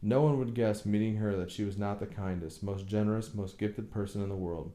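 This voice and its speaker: A man's voice: fairly low pitch, fairly even intonation, brisk, mellow, reverberant, close to an everyday voice. A man voicing a tormented older husband who talks in a brooding, bitter way in an audiobook reading. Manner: brooding, bursts into bitter anger.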